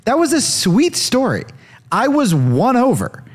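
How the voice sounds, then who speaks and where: A man's voice: very high voice, wildly swooping pitch, measured pace. A man hosting a show, riffing sarcastically as he comments on video clips. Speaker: comedian host.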